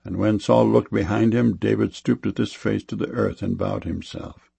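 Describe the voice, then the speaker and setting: Low gravelly man reading scripture. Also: steady tone, normal speed, warm tone. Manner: reads quotes with dramatic rises in pitch and volume. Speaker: scripture reader.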